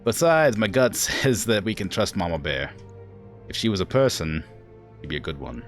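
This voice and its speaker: Brash merc officer, shaky New York twang, low and lively, read out by a man. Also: moderate pace, soft background music. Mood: confident. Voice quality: clumsy put-on New York accent.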